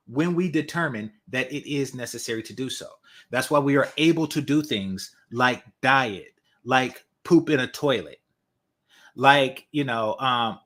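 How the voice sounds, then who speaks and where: A man's voice: medium pitch, fairly bright tone. A man giving reaction commentary online, blunt and mocking, hammering his points home by repeating them. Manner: blunt, mocking, emphatic repetition.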